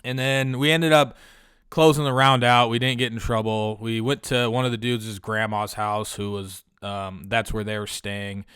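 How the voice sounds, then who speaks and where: A man's voice: on the low side, flat delivery, moderate pace, a bit bright, smooth, no echo, clean studio sound. A young man hosting a podcast, telling a long profane story in a loose, rambling way with lots of filler words. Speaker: podcast host. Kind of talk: casual storytelling.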